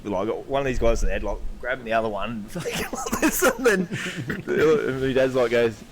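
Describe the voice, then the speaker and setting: A man's voice: medium pitch, expressive, moderate pace, crowd noise. A man with an Australian accent telling drinking stories on a podcast, swearing often and laughing through them. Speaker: podcast co-host. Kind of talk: casual storytelling chat.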